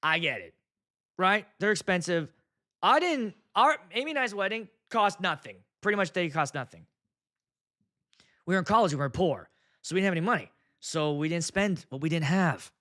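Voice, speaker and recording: Man in his 30s, wedding DJ, bright lively voice, blunt and swears freely. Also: fairly high pitch, normal speed, long pauses. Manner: animated, blunt, profane. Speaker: wedding DJ and video host. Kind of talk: casual monologue.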